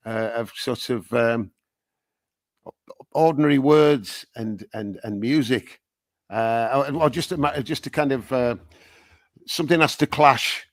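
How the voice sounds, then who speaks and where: A man's voice: medium pitch, no room sound. A man being interviewed about songwriting, answering in a rambling, playful way with many repeated words. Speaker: guest songwriter.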